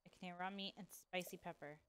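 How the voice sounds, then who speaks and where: A young woman streaming a video game, chatting casually with viewers, excitable and playful, swearing freely and using slang. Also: lowish voice, fast. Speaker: livestreamer. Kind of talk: casual gameplay chat with viewers.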